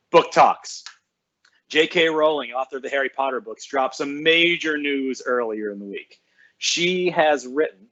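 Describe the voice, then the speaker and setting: A man's voice: mid-range voice, fairly bright tone. A man working as a school librarian, hosting a live stream for students in a casual, upbeat, chatty way and greeting viewers by name. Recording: slightly dull, lo-fi sound.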